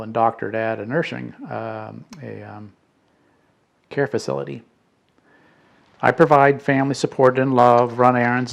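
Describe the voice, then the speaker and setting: A middle-aged man reading out letters and reflecting, in a slow, halting way with fillers and restarts. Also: medium pitch, gravelly. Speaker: spiritual podcast host.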